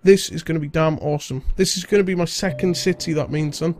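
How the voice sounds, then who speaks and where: A man's voice: a little high, fairly even intonation, fast talker, darkish tone, faint music behind. A young man with a stuffy nose from a cold, chatting casually as host of a game let's-play. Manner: chatty, rambling, British-sounding slang. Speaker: gaming video host.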